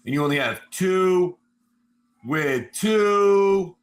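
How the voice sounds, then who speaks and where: Male host and game master, high voice, lively excitable narration. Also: extremely slow. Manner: animated, excitable storytelling. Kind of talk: casual chat and tabletop game narration.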